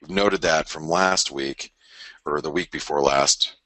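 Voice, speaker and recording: A man's voice: extremely low pitch, fairly even intonation, a little slow, sharp tone, dry recording. A man hosting a live forex trading webinar early in the morning, tired from waking before dawn, chatty and rambling with many fillers and repeated phrases. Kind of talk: live market analysis, casual and rambling.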